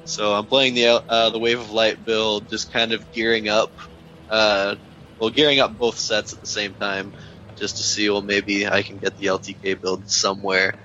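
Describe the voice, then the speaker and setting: A man with a bright, forward tone talks through his game build in a rambling, self-doubting way. His voice sounds a little dull and lo-fi, with soft music in the background. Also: fairly low pitch, flat delivery, moderate pace. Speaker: podcast co-host. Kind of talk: casual gaming chat.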